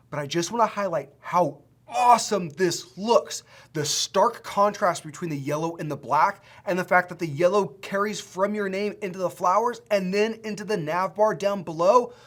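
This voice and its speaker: Excitable, gushing coding instructor. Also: mid-range voice. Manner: excitable and gushing, with rambling and restarts. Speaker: coding school instructor reviewing student projects. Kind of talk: enthusiastic casual screen-share review.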